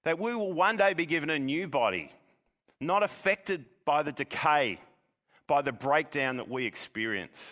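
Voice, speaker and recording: Male pastor, earnest sermon delivery, bright forceful voice, long hall reverb. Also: on the high side, lively intonation. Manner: earnest, measured preaching with repeated words.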